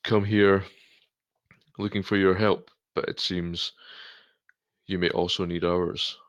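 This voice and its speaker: A man voicing a courteous, gentle adventurer in a tabletop game, speaking formally and politely. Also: low-pitched, level tone, slow, dry recording. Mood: earnest. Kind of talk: tabletop game role-play.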